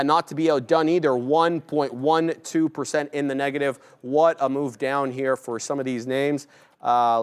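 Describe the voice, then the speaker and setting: A young man hosting a live day-trading stream, giving brisk, upbeat commentary and shout-outs to viewers. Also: fairly high pitch, clear, resonant tone.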